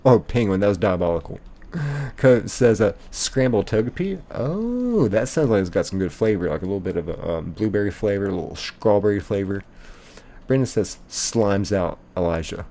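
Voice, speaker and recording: A man's voice: fairly low pitch, sing-song, moderate pace, mellow. A young man, live-streaming a game and playfully reading viewer chat aloud, laughing often.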